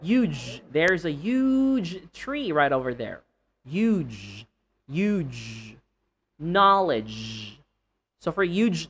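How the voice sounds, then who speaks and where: A man teaching English pronunciation, slowly repeating words one by one and joking between them. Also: fairly high pitch, big pitch swings, a bit bright. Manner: slow deliberate repetition of words, playful and laughing. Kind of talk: pronunciation lesson.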